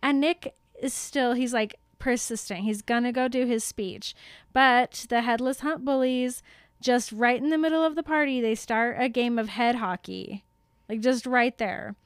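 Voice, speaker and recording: A woman's voice: fairly high pitch, steady tone, unhurried, clean tone, no room sound, clean studio sound. A young woman co-hosting a podcast, recapping a book chapter in casual chat with lots of giggles and "like". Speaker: podcast co-host.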